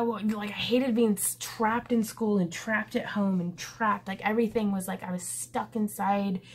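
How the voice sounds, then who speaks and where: Gravelly, husky woman in her thirties, rambling. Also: medium pitch. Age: 30s. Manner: rambling and earnest, with frequent laughs and fillers. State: pensive. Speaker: vlogger. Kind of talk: casual reflective vlog talk.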